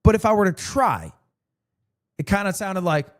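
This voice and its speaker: A man's voice: high voice, moderate pace. A man streaming live, chatting casually and telling jokey stories with lots of swearing. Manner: animated, joking storyteller with frequent swearing.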